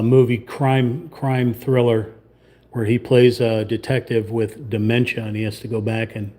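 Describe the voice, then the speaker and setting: Brief: livestream host, man, mellow tone, casual rambling chat at his painting table. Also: medium pitch. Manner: rambling, chatty, trails off into muttering.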